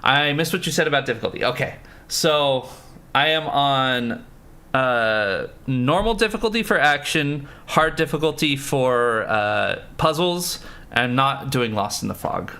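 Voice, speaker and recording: A man's voice: medium pitch, animated, a little slow, sharp tone. A man live-streaming a game, chatting with viewers, greeting them by name and thinking through puzzles aloud.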